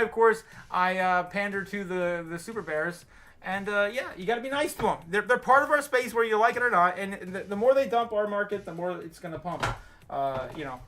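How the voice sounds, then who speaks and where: This livestream host is an American man with a high, bright, forceful voice and a faint hiss or hum on the recording. He's slightly drunk and rambles through offhand market talk, full of fillers and restarts.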